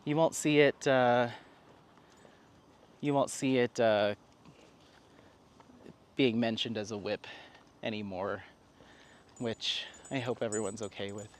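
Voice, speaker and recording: A man's voice: mid-range voice, steady tone, slow, long pauses, a little hiss or hum. Chatty man vlogging outdoors in town. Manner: rambling, chatty, frequent fillers and laughs. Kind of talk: casual walking vlog.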